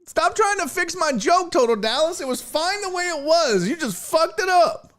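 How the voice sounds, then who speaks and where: A man hosting a casual sports talk live stream, joking, swearing and laughing often while reading viewer comments, his voice a bit rough and hoarse. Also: very high-pitched, animated, normal speed, a bit bright. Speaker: sports talk show host.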